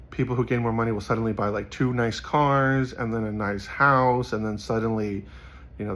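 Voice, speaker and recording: A young man talks through Bible verses in a loose, earnest way, full of ums and likes. His voice sits low, with a gravelly fry running through it. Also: a bit bright. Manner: rambling and earnest, many fillers. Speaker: Bible study vlogger. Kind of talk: casual scripture commentary.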